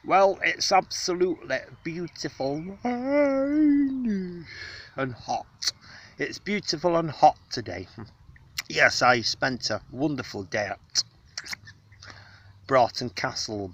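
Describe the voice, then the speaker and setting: A man's voice: mid-range voice, vocal fry, bright, forceful tone, a little hiss or hum. A man rambling in an affected, genteel way with many fillers, chatting outdoors to the person filming him. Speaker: vlogger. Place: outdoors in the countryside on a hot day.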